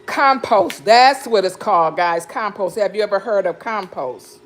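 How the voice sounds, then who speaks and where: A woman's voice: mid-range voice, normal speed, slight background noise. Lady doing a live juicing stream in her kitchen, chatty, laughs a lot, talks to viewers. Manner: chatty, greets viewers by name, laughs often. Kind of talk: casual live kitchen chat. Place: home kitchen.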